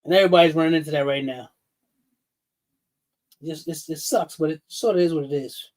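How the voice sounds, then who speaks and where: A man's voice: a little high, a little fast, a little mellow. Blunt New man in his fifties. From New York City. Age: 50s. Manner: blunt, profane, emphatic. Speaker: livestream host. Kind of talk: casual livestream rant.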